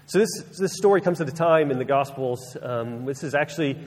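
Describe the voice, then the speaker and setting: A man's voice: medium pitch, brisk, a little mellow. A man preaching a sermon, retelling a Bible story earnestly and acting out its scenes. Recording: long reverb of a large hall.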